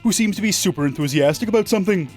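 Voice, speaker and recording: A man's voice: high-pitched, lively intonation, very fast, soft background music. A man reading game narration aloud in a wry, casual way.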